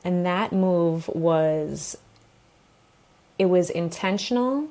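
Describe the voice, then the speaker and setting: Candid, low-voiced woman guest. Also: very slow, a little mellow. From New York, USA. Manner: open and emotional, laughs often as she talks. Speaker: guest, pelvic floor therapist. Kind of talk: candid interview storytelling.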